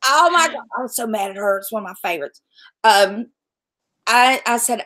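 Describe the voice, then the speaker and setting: A woman's voice: medium pitch, lively intonation, moderate pace, a bit bright. A middle-aged woman, chatting candidly and laughing often on a live stream. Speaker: YouTube host. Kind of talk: casual live-stream chat.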